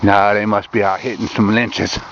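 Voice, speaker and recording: Filmed on a handheld camera by a yard fence and campfire at dusk, this man from Michigan rambles and rants in a casual vlog. He speaks at normal speed in a fairly low voice with little pitch movement. The camcorder audio is dull and lo-fi, with faint outdoor ambience and background noise.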